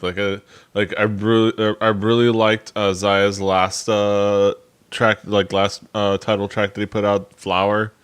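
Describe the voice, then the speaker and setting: A man's voice: low voice, fairly bright tone. A man co-hosting a music podcast, talking casually and rambling with many fillers and restarts. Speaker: podcast co-host. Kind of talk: casual chat about music.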